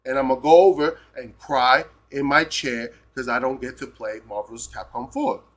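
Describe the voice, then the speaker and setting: A man's voice: medium pitch, normal speed. A man from the United States ranting heatedly on a live stream, swearing a lot and tagging "right?" onto his points. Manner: profane, repeats "right?" constantly, heated.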